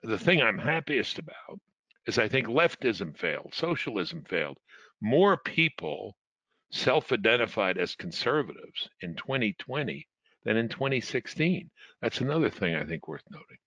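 A man on a political panel speaking deliberately and hedging with frequent ums. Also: medium pitch, big pitch swings, fairly bright tone, no room sound. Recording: dry, muffled lo-fi audio.

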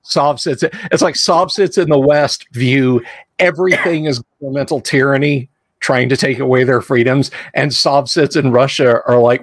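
Halting man in a dry close sound. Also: mid-range voice, fairly even intonation, no echo. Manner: halting, repeats words while thinking. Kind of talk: casual chat.

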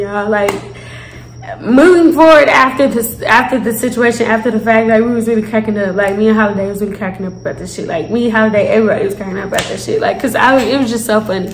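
Woman, 20s, high-voiced, animated storyteller addressing viewers; roomy echo. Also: slight background noise. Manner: animated, profane, talks straight to viewers. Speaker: vlogger. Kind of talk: casual storytime.

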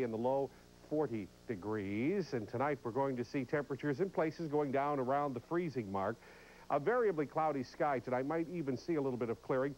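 A man's voice: mid-range voice, darkish tone, rough recording. A man giving a live TV weather forecast, chatty and playful, dropping joking asides about his own phrasing. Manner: playful, self-mocking asides. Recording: faint hiss on an old broadcast.

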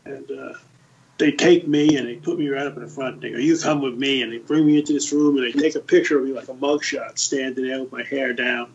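A man in his sixties, a podcast guest, telling lively anecdotes in a casual storytelling style. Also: medium pitch, a little fast, highs cut off, slight background noise. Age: 60s. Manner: lively anecdotes, acts out the quoted voices.

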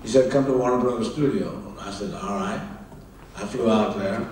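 Low-voiced older man telling stories in an echoey hall. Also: darkish tone. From Kansas. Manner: halting, repeats words, acts out the other people in his dialogue. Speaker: film director and author, guest speaker. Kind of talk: anecdotal storytelling on stage. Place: large hall at a public event. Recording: echoey hall, distant mic, faint noise.

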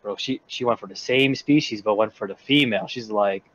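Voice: mid-range voice, fairly quick, fairly bright tone. A podcast co-host in casual chat, rambling with lots of fillers. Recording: dull lo-fi sound.

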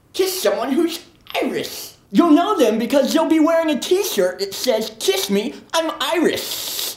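A performer voicing a boastful oddball man who wants to be a leprechaun, in a comedy sketch monologue, lurching from manic shouts to low mutters. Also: a little hiss or hum, heavily acted. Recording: roomy echo.

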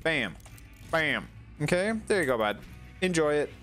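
A man's voice: on the high side, animated, unhurried, a bit bright, soft background music. A man casually commenting as he plays a video game, chatting to the characters on screen. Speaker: gaming channel host. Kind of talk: casual let's-play commentary.

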